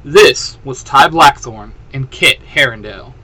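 A man's voice: mid-range voice, expressive, measured pace, pushed and bright, breathy edge, no room sound, rough recording. A man reading a fan fiction story aloud, doing all the characters' lines himself with little change of voice. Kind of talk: storytelling narration.

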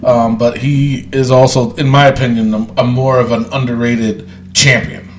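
A man hosting a casual wrestling podcast, talking loudly and excitably and laughing often. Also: mid-range voice, normal speed, roomy sound, a little hiss or hum. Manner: loud, excitable, laughs a lot. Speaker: podcast host.

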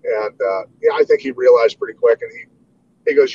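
A man in his fifties from Iowa, telling stories as an interview guest in a relaxed way, with many "you know"s. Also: mid-range voice, a little fast, breathy edge, lo-fi sound. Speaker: guest, martial artist. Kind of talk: casual interview storytelling.

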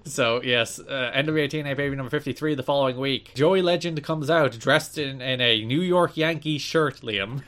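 A man co-hosting a casual podcast, recapping old matches. He talks fast and opinionated, with mid-range pitch. He goes on about performers he dislikes. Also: fairly bright tone. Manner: quick, opinionated, laughs into goofy accents. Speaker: podcast co-host. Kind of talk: casual chat recapping wrestling.

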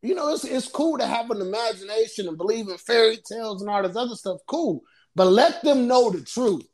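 A woman, the mother of a teenager, talking in an animated casual chat, laughing often and saying "you know" a lot. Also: on the high side, a little fast. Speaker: mother of a teen.

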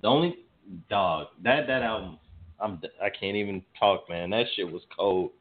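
A man co-hosting a casual radio show, slangy and emphatic, talking over his partner with excitement. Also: fairly low pitch, moderate pace. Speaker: podcast co-host. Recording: phone-like narrow sound.

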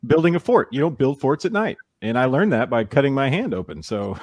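A man's voice: mid-range voice, a little fast, no room sound, clean studio sound. A man, a baseball player being interviewed, chatting casually and acting out the voices of people in his stories. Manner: animated storyteller who acts out quoted voices.

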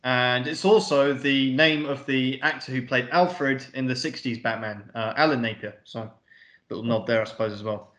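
A man's voice: medium pitch, steady tone, moderate pace, fairly bright tone. A man co-hosting a podcast, casually retelling a film scene by scene in loose paraphrase with frequent swearing. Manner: rambling retelling with offhand paraphrased dialogue and swearing. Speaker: podcast co-host. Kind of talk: casual film recap chat. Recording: roomy echo.

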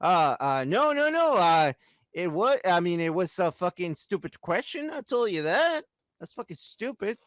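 A man's voice: high-pitched, big pitch swings, moderate pace, no echo. A man co-hosting a casual podcast, blunt and profane, laughing at his own slips. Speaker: podcast co-host. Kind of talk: casual drunk banter.

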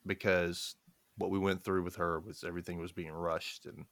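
At a moderate pace and with a voice that sits low, a male guest shares family stories in relaxed conversation, with no room sound. He's an animated storyteller who laughs frequently and imitates the voices of those he quotes.

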